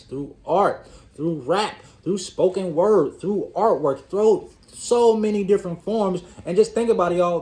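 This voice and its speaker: Fairly high-voiced man giving a motivational talk. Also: a little mellow. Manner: conversational, talks to the audience as y'all, repeats words as he gathers thoughts. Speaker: host of a self-improvement channel.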